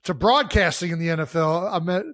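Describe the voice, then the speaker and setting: A man in his thirties co-hosting a podcast, joking in quick, casual remarks. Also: on the high side, fairly bright tone. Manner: jokey, quick interjections. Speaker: podcast co-host. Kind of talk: casual chat.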